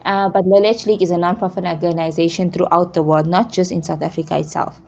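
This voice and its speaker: A woman's voice: fairly low pitch, fairly even intonation, fast, vocal fry, darkish tone, a little hiss or hum. Earnest woman on a dull, lo-fi line. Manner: explanatory and earnest, uses simple examples. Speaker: breastfeeding support leader and guest. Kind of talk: radio interview.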